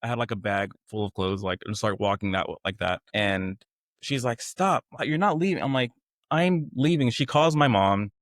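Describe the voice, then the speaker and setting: Low-voiced young man telling his story. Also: moderate pace, fairly bright tone, no room sound, clean studio sound. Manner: conversational, quotes others in acted voices. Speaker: guest. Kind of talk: candid personal storytelling.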